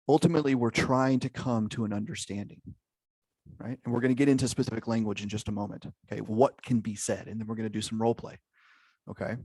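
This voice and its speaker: A man's voice: lowish voice, a little mellow, breathy edge, no room sound. A man leading an interactive online workshop over a video call, engaging his audience and checking in with frequent questions. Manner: engaging, peppers talk with "okay?" and "right?". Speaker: workshop leader.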